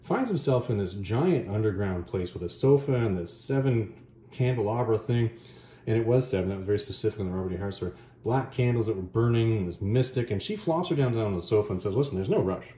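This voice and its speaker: A middle-aged man casually retelling a comic story as a reviewer, animated and dropping into quick character voices. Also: on the low side, roomy sound, highs cut off. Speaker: YouTube book and comic reviewer.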